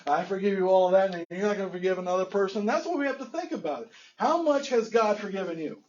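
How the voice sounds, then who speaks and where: Earnest preaching pastor, slightly high voice. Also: male voice, expressive, fast talker, muffled recording. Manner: earnest, rhetorical questions, chuckles often. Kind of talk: sermon. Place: church sanctuary.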